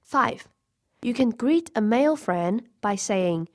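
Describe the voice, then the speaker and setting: A woman teaching a listening lesson, speaking slowly and carefully and repeating each example word twice. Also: fairly high pitch, animated. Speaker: language teacher. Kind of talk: scripted lesson narration.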